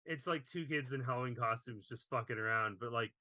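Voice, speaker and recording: A young man chats about movies on a podcast, relaxed and opinionated, tossing out questions to his co-host. His tone is bright and edgy, recorded close and dry. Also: mid-range voice, fairly quick, dry recording. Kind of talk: casual movie review chat.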